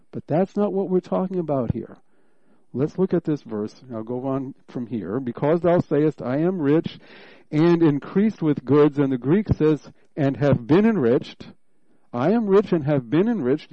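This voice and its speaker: A man delivers a sermon, working through scripture verse by verse and reading passages aloud, breaking into animated bursts whenever he speaks as God. His voice sits a little high, the recording has no room sound, and the highs are cut off.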